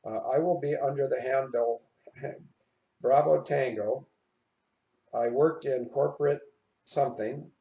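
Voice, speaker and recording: A man hosts an online show from his office in a loose, rambling chat. He is heartfelt and keeps stopping to spell out names. His voice sits at an ordinary mid pitch. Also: fairly even intonation, slow pace, gravelly, pauses often, mellow. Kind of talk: rambling live-stream chat.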